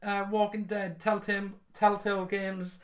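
A man's voice: high voice, flat delivery, normal speed, fairly bright tone. A man co-hosting a casual podcast, self-mocking and laughing often. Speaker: podcast co-host. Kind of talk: casual chat.

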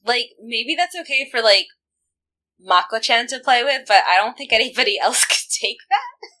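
A woman's voice: a little high, very animated, moderate pace, sharp tone, rough recording. A woman co-hosting a podcast, chatting casually with lots of "like" fillers and frequent laughter. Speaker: podcast co-host. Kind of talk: casual podcast chat recapping an anime.

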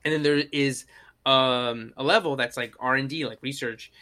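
A young man in casual chat, telling stories in an animated way and acting out the quotes. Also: medium pitch, normal speed. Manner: animated storytelling, acts out quotes.

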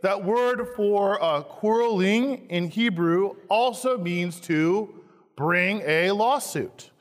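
A man, a pastor, preaching a sermon slowly and emphatically, acting out quoted lines with dramatic stress. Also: sits high. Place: church sanctuary. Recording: long hall reverb, church sanctuary.

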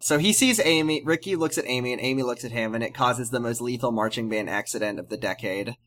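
A man's voice: medium pitch, fast talker. Man with bone-dry jokes, medium voice. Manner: dry, absurd jokes told flat. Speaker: podcast co-host. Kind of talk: casual chat recapping a TV episode.

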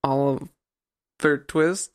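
A man co-hosting a podcast, firing off quick guesses in a quiz and giggling in casual chat. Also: mid-range voice, fairly even intonation, darkish tone. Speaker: podcast co-host and quiz player.

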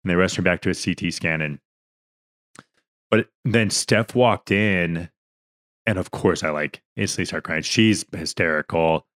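At a measured pace, a young man with a low-pitched, somewhat bright voice co-hosts a casual podcast. Near tears, he recounts a story earnestly, rambling emotionally and restarting many times.

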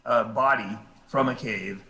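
A man recounts his own story in easy, casual speech, slipping into the voices of the people he quotes. His tone is bright and forceful. The room around him is noticeably echoey. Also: lowish voice, a little slow, creaky. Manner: animated retelling, acts out quoted dialogue. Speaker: volunteer rescue cave diver.

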